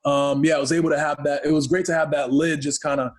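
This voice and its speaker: A man from Ghana talking as a guest on a podcast, with a fairly high voice. He tells stories with plenty of energy and slips into other people's voices as he goes. It is relaxed, casual interview chat. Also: fast talker. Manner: lively storyteller who acts out voices.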